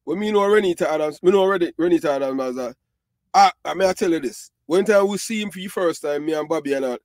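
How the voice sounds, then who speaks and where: A man's voice: fairly high pitch, fast talker, no room sound. Jamaican man in patois-laced commentary. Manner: animated, repetitive, Patois-mixed talk with frequent fillers. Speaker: channel host. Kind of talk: casual commentary to viewers.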